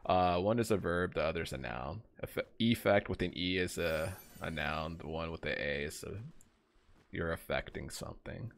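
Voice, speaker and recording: A man's voice: low-pitched, normal speed, gravelly. A young man live-streaming a game, chatting casually and rambling to his viewers, greeting them by name.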